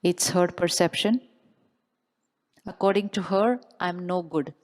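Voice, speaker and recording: A woman's voice: on the low side, unhurried, a little mellow. A woman giving a motivational spiritual talk, asking the audience questions and repeating them. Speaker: spiritual speaker.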